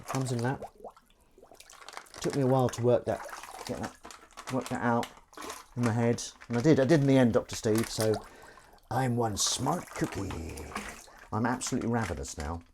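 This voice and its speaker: Over a noisy background of faint running water and clinking dishes, a man who is an actor talks in a mid-range voice to his livestream audience. He stays relaxed and pokes fun at himself as he does the washing up in his kitchen.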